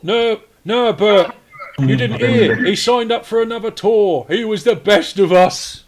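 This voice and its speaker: A man putting on a grieving cultist in a tabletop game, his voice pitched up and loud as he wails over a fallen comrade. The lament is overblown and mock-tragic. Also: animated, unhurried, a crowd in the background. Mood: mock grief.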